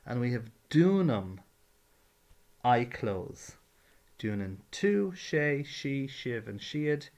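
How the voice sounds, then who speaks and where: A man's voice: mid-range voice, big pitch swings, extremely slow, a little mellow, dull audio. A man teaching a patient, step-by-step grammar lesson. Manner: patient, explains carefully, drills verb forms. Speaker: Irish language teacher.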